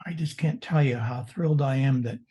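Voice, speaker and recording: Older male guest speaker, husky tone, lively yarn-spinner on a video call. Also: medium pitch, a little fast, dull audio. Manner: animated, storytelling, mock-indignant asides. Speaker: guest presenter.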